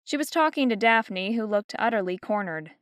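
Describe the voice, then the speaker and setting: A woman narrating an audiobook in an even, measured storytelling manner, close to a studio microphone. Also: mid-range voice, clean tone, no room sound. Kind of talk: scripted narration. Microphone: close studio mic.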